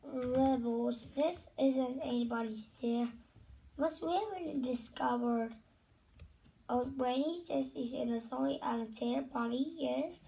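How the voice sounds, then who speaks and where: A woman reading a children's story aloud, slowly and deliberately, often repeating phrases and stopping to comment. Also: high-pitched, creaky, dark tone, distant mic, poor audio.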